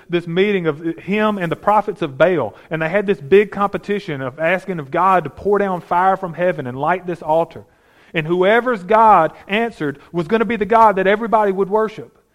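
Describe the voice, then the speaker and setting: Man preaching with emphatic questions. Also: high-pitched. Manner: conversational, emphatic rhetorical questions. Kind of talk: sermon with scripture reading.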